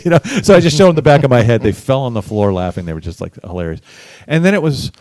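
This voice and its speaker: A middle-aged man, a bass musician, telling a lively story in a casual interview, acting out the people he quotes. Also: fast talker, no echo. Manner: animated storyteller, acts out quoted voices. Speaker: guest musician.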